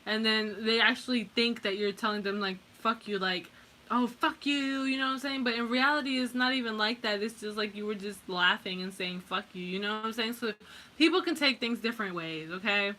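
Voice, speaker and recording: Young female tarot reader, loose and foul-mouthed, bright tone. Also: medium pitch, fairly quick. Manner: casual, profane, rambling with many fillers. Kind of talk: casual tarot reading.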